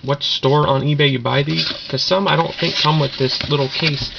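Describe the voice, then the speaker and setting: Man, gravelly voice, offhand rambling unboxing chat, dull lo-fi camera audio with noise. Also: on the high side, steady tone, moderate pace. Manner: rambling, offhand, filler-heavy. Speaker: vlogger doing an unboxing. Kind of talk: casual unboxing commentary.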